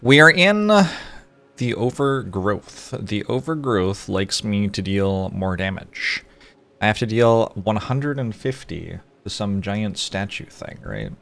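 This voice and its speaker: A man on a livestream, chatting casually with viewers and greeting them one by one, with sudden loud mock-outraged outbursts. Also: lowish voice, unhurried, gravelly. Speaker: streamer.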